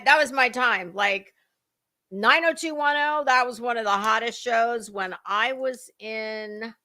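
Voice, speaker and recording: A woman's voice: medium pitch, bright, forceful tone. A middle-aged woman, hosting a rambling livestream chat, greeting viewers by name and fighting a dry cough. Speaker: livestream host. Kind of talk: casual chat.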